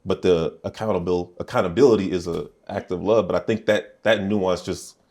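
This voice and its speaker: A man hosting a podcast, chatting casually in a relaxed, affirming way. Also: sits low, moderate pace. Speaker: podcast host. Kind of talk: casual panel conversation.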